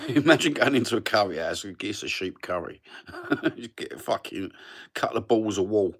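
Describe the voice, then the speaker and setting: A middle-aged livestream host with an East London accent rambles through a casual chat in a fairly low, slightly breathy voice with lively intonation and a moderate pace. He's matey, sweary and heavy on slang.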